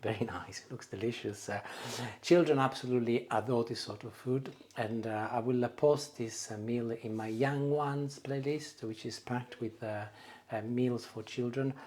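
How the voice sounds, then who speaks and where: A man hosting a casual cooking demonstration at home, chatting warmly and pausing often with "uh" fillers. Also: medium pitch. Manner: warm, chatty, hesitant with frequent "uh" fillers. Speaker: cooking show host. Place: home kitchen. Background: food sizzling in a frying pan.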